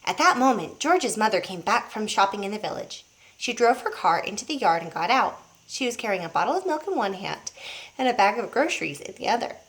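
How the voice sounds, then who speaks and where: A teacher reading a children's book aloud to young pupils, pausing to show the pictures. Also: female voice, medium pitch. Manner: expressive, showing pictures as she reads.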